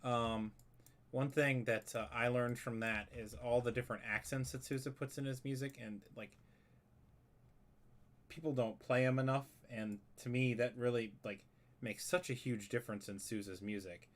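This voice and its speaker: A man with a medium-pitched voice and fairly even intonation speaks at normal speed in a casual screen-share tutorial. He explains a music arrangement while editing a score, rambling and correcting himself as he thinks aloud.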